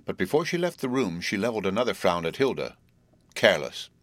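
A man reading a story aloud in a steady, measured narration. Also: fairly low pitch, dry recording. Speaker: audiobook narrator. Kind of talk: scripted narration.

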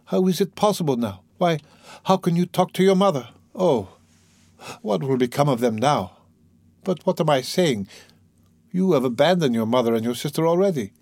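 A man's voice: mid-range voice, normal speed, no echo, lightly acted. A man reading aloud, voicing a devout young woman who pleads with tearful urgency. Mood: anguished. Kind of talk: audiobook reading.

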